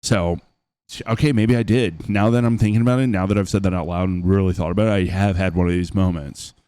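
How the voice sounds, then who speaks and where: A young man with a very low voice gives reaction commentary, wandering and hesitant as he thinks out loud. The sound is dry and close, with no room around it. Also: steady tone, fast talker, no room sound. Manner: rambling, hesitant, thinks aloud. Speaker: reaction video host.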